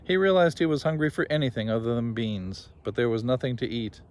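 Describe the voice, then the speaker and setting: A man's voice: mid-range voice, fairly quick, slight background noise. Man reading a storybook aloud. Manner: lively, expressive narration. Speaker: reader.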